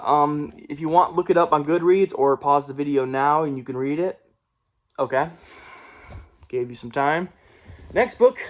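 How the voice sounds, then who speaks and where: A young man talking casually about his new books, rambling with many fillers and restarts, and a mild stutter. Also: a little high. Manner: rambling, with fillers and self-corrections. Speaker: book vlogger.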